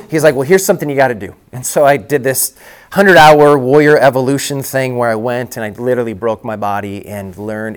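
A middle-aged man, a lead pastor, telling his own story in a conference breakout session, candid and conversational, often restarting his sentences. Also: medium pitch.

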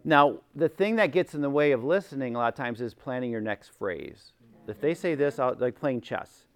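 A man's voice: mid-range voice, expressive, normal speed, no echo. A middle-aged man giving an informal teaching talk to a group. He acts out little quotes and keeps checking in with "right?". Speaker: workshop speaker, former chaplain.

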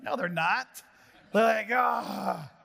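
A middle-aged man preaching a sermon to a gathering of pastors, telling animated stories with jokes. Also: high-pitched, moderate pace, very noisy. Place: large hall before an audience of pastors. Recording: long hall reverb.

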